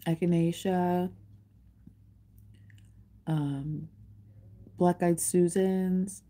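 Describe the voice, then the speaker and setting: A woman's voice: low voice, fairly even intonation, unhurried, pauses often, warm tone. A woman hosting a livestream, chatting casually in a rambling, emotional way with many restarts. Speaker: livestream host and tarot reader.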